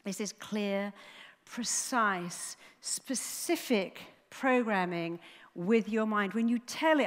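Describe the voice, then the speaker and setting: A woman giving a motivational talk on stage, an animated storyteller who acts out the voices in her stories. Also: fairly high pitch, slow pace. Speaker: motivational speaker. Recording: long hall reverb.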